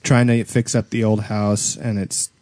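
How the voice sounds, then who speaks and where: A man's voice: on the low side, level tone, measured pace, a little mellow, dry recording. A man co-hosting a casual gaming podcast, bantering in a wry, easygoing way. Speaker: podcast co-host. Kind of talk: casual chat.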